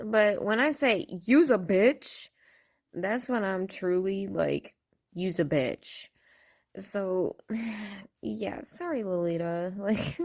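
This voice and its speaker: A woman's voice: medium pitch, gravelly, darkish tone. A woman vlogger ranting casually to camera, blunt and profane, rambling and laughing often.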